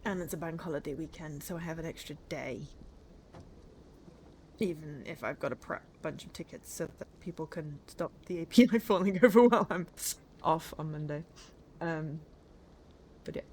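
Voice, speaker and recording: A woman's voice: deep voice, moderate pace, pauses often, darkish tone, slight background noise. An English woman streaming herself playing a game, chatting in a rambling way that keeps interrupting itself. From northern England. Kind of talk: casual chat while playing a game.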